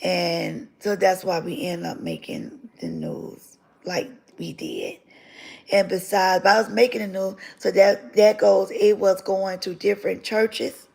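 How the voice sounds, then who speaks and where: A woman's voice: mid-range voice, animated, unhurried, gravelly, a little mellow, slightly rough, rough recording. A woman on a livestream giving an emotional spoken testimony, fervent and repeating phrases for emphasis. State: tearful at times. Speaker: livestream host sharing her testimony.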